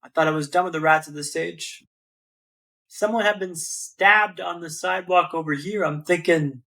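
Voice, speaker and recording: High-voiced man telling a story. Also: normal speed, creaky, pushed and bright. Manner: vivid, rhythmic storyteller who repeats phrases and calls the host "man". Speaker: podcast guest. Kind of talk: dramatic storytelling in an interview.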